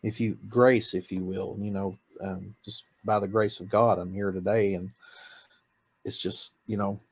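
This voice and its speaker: A man's voice: fairly low pitch, fairly even intonation, measured pace, breathy edge. A man who works in campus ministry, talking in a casual interview, eager and upbeat, laughing often and acting out the voices of others. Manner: enthusiastic, laughs often, acts out students' voices. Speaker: campus missionary.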